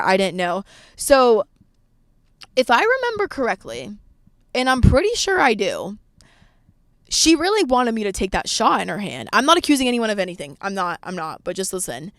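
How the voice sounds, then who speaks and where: A woman's voice: mid-range voice, no echo, studio quality. A woman in her twenties telling a candid, rambling story in a casual vlog, swearing freely and saying "like" often. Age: 20s. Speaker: vlogger.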